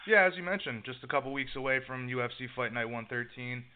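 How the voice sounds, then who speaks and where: A male radio host delivers brash sports talk, recapping news and conducting an interview. His medium-pitched voice moves at a quick pace, coming through a thin, lo-fi, dry phone-quality line with no room echo.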